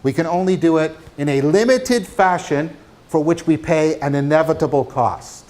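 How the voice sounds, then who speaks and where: A man giving a university lecture, animated, asking his class questions as he talks. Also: fairly high pitch, moderate pace. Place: lecture hall.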